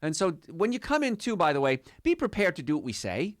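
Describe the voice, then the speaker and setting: A man's voice: high voice, huge pitch swings, a little fast, no echo, clean studio sound. A man hosting a call-in health radio show, chatty, upbeat and jokey, rambling from one point to the next. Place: radio studio.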